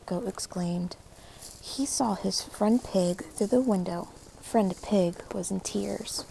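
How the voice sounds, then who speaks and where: Woman storyteller, gentle and expressive, with a warm tone and some fry in the voice. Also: medium pitch, slow pace, a little hiss or hum, poor audio. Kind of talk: children's story reading.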